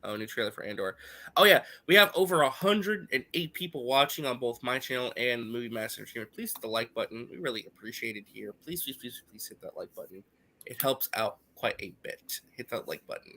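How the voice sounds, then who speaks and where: A man's voice: mid-range voice, fairly quick, bright, forceful tone. A man with a stuffy cold, co-hosting a casual live reaction stream, joking and swearing freely. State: congested from a cold.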